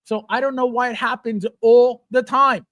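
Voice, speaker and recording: In a dry recording, a man with a very high-pitched, fairly bright voice speaks at normal speed with fairly even intonation. He hosts a livestream, reading out viewer messages and responding in a blunt, heavily profane casual rant.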